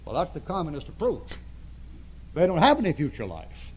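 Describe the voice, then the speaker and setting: An older man preaching a sermon to a congregation, repeating phrases and swinging between loud emphasis and hushed tones. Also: on the high side, huge pitch swings, normal speed, a little hiss or hum, poor audio. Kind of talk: fiery sermon. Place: church before a congregation.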